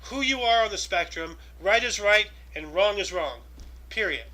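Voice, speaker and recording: A man with a high, strikingly bright and forceful voice, co-hosting a casual chat. He reads out history events and then riffs on them loosely. His talk is full of filler phrases and restarts. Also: expressive, moderate pace, rough recording. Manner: rambling, loose, many "you know"s. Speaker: co-host.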